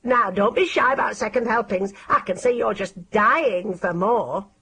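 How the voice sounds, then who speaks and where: A woman's voice: mid-range voice, a little slow, a bit bright, slightly rough, exaggerated voice. A woman voicing a creepy, coaxing man who pushes his homemade pie in a sing-song, overly sweet way.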